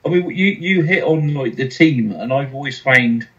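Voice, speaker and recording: A man's voice: medium pitch, animated, normal speed, a bit bright, muffled recording. A male podcast host talking casually and wryly about running a site.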